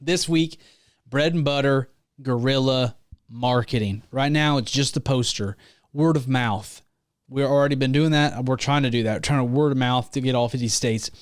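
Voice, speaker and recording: A young man hosting a solo comedy podcast, rambling and hyped as he pitches his plan to listeners with mock-rallying energy. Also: normal speed, clean tone, dry recording, clean studio sound. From Missouri. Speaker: podcast host.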